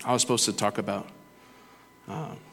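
A lay preacher with a lowish, gravelly, fairly bright voice speaks at a moderate pace, delivering an earnest, personal, conversational sermon in church. He shares stories from his workday, quoting voices and laughing along the way. The recording has long hall reverb and slight background noise.

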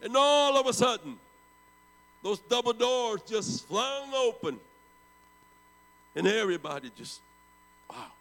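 Gravelly older man preaching in a hall. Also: lively intonation, takes it slowly, long pauses. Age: 70s. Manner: swings from loud bursts to hushed low tones. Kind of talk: storytelling sermon.

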